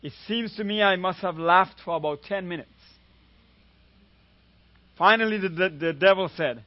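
A man's voice: high voice, normal speed, pauses often, dry recording, lo-fi sound. A man preaching a sermon as a guest preacher, retelling a story and often asking the congregation "amen?".

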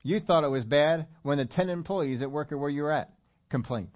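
A man's voice: on the high side, brisk, highs cut off. A man preaching a sermon in a conversational way, asking the congregation questions as he goes. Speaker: pastor.

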